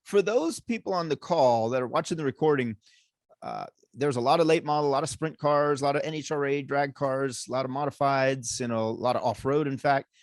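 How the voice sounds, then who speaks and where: A man's voice: medium pitch, brisk, no echo, clean studio sound. A man hosting an interview, telling a story and asking his guest questions in casual talk. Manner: storytelling, brief affirmations. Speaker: interview host.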